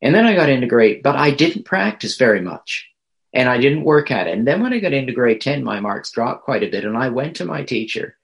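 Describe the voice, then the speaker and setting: A male pastor preaching a sermon in a measured, earnest way, pausing often with small fillers. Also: mid-range voice, big pitch swings, creaky.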